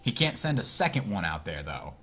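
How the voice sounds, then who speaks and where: A man casting a card game tournament, thinking out loud and reacting with puzzled surprise. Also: low voice, a little fast, faint music behind. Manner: thinks aloud, puzzled and animated. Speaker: tournament commentator. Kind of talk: casual game commentary.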